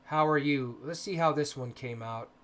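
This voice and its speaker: A man hosting a casual livestream, talking softly and hesitantly with frequent pauses and fillers, greeting chat viewers between stretches of explanation. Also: fairly high pitch. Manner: soft-spoken, hesitant with many ums. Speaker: paranormal livestream host.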